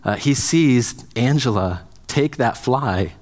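A man's voice: medium pitch, expressive, slow, darkish tone, big-room sound. A man preaching a sermon as pastor, speaking conversationally with many restarts and fillers.

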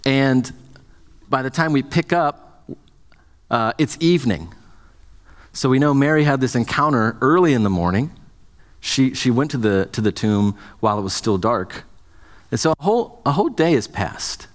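A man's voice: mid-range voice, expressive, moderate pace, long pauses, long reverb tail. A man preaching a sermon as pastor, speaking conversationally with many restarts and fillers.

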